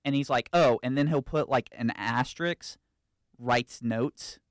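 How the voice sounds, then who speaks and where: A man's voice: mid-range voice, measured pace, clean tone, no room sound, clean studio sound. A man in his twenties chatting casually on a podcast, telling stories and acting out quotes. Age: 20s. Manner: storytelling, acts out quotes. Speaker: podcast co-host. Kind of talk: casual chat.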